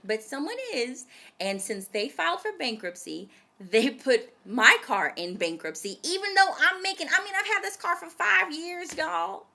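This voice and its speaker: A vlogger in her twenties tells her viewers a personal story in a chatty, dramatic way, animated and speaking to them directly. Her voice sits high with vocal fry, at a moderate pace.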